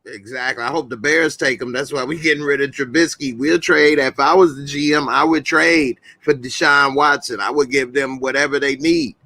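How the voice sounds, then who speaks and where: A man hosting a call-in show, chatting casually about sports in an animated, opinionated, slangy way. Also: mid-range voice, normal speed, hardly any pauses, no room sound, rough recording. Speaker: host.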